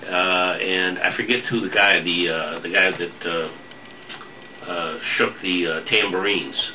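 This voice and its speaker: A man hosting a casual studio chat, rambling and halting as he searches for names. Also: low-pitched, steady tone. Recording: distant mic with background noise.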